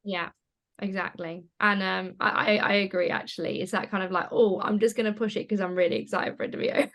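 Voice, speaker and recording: A woman's voice: medium pitch, fairly even intonation, quick pace, gravelly, fairly bright tone. A woman co-hosting a podcast in casual chat. She rambles, hedges and laughs often. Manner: chatty, hedging, laughs often. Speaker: podcast co-host.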